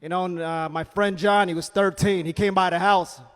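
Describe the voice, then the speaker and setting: Loud punchy male stand-up comic. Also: high-pitched, fairly even intonation, moderate pace. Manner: loud punchy delivery with asides to the crowd. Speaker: stand-up comedian. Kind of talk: stand-up comedy set. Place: comedy club stage. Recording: reverberant comedy club hall.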